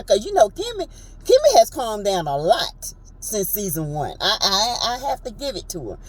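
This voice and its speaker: Woman, casual recap chat, animated, chatty, pops into high voices for quotes. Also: moderate pace, low-quality recording. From Southern United States. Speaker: reality TV recap host.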